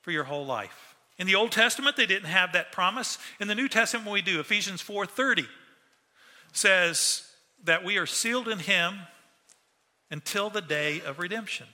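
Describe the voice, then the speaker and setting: A man preaching a sermon, animated, acting out the voices he quotes. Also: high voice, normal speed. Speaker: pastor. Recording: long hall reverb.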